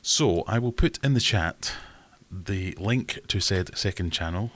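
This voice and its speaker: A man's voice: deep voice, lively intonation, measured pace, hardly any pauses, a bit bright. A man hosting a casual live stream, chatting in a rambling, self-deprecating way.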